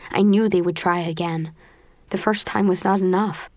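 A woman reading a first-person novel aloud, slow and dramatic. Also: fairly low pitch, steady tone, darkish tone, no room sound, studio quality. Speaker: audiobook narrator. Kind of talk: first-person scripted narration.

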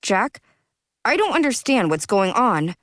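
A woman's voice: fairly high pitch, very animated, unhurried, fairly bright tone, no room sound. Earnest, anxious young man, read by a woman; dry, close mic. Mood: concerned.

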